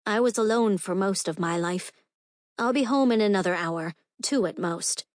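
A woman's voice: medium pitch, normal speed, dry recording, natural voice. A woman reading the part of a commanding, protective vampire queen who speaks to her sister firmly and fiercely, recorded dry and close. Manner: firm and fierce.

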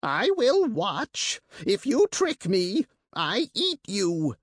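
A man voicing a greedy, bird-like monster with a strained, rasping high voice and slow, broken, menacing speech in an audiobook. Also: huge pitch swings, fairly bright tone, no room sound, clean studio sound, heavily acted.

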